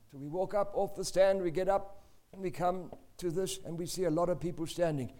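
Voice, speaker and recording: An older man with a South African accent, telling a family story in a lively, animated way with asides. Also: high-pitched, fairly quick. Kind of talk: personal anecdote.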